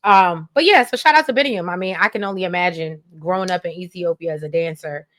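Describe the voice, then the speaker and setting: Brief: woman gossip co-host, lower voice, animated and chatty. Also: quick pace. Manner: chatty, animated, laughs often. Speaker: podcast co-host. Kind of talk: casual gossip chat.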